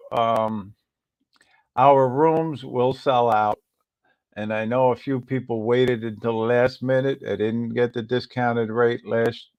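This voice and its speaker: A man's voice: mid-range voice, dry recording, lo-fi sound. A man hosting a casual livestream and greeting viewers by name. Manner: reads out viewer names and greets them one by one. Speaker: livestream host.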